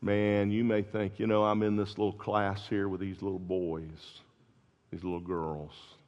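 A man preaching a sermon as pastor, telling stories with rising intensity and quiet drops. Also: fairly low pitch, unhurried. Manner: animated storytelling, builds to loud peaks then drops soft. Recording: dull lo-fi recording in a large reverberant hall.

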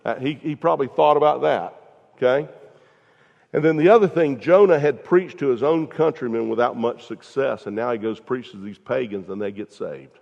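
A man's voice: mid-range voice, moderate pace, creaky, a little mellow. A man preaching a sermon in a folksy, conversational way, talking straight to his congregation with frequent asides. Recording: echoey hall, dull lo-fi sound.

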